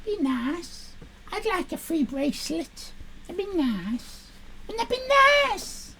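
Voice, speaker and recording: A woman's voice: very high voice, very animated, slow, heavy background noise, full character voice. A woman voicing a sassy sixteen-year-old Irish girl, rambling crudely on a live stream.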